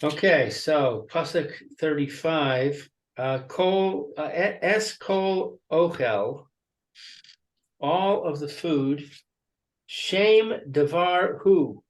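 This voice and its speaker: A man's voice: fairly high pitch, lively intonation, drawn-out words. A man reading a text aloud phrase by phrase in a study session, hesitating often.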